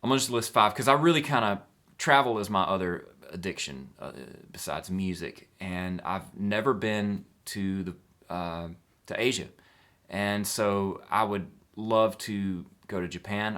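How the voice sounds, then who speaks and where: Easygoing low-voiced man answering fan questions. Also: fairly bright tone. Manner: easygoing, rambling with frequent filler sounds. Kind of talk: casual fan Q&A chat.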